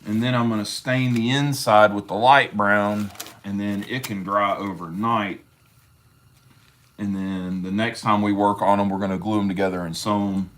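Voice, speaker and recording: A man with a lowish voice and a drawl, talking through his leather work on a live stream. He rambles along, folksy and easygoing, and calls his viewers brother as he goes. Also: a bit bright. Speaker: leatherworking livestream host. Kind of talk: casual livestream chat while crafting.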